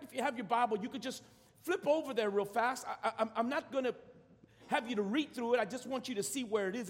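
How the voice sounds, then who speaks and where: High-voiced pastor preaching in a reverberant hall. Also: male voice. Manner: repeats words when starting a phrase. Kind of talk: sermon. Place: large church sanctuary.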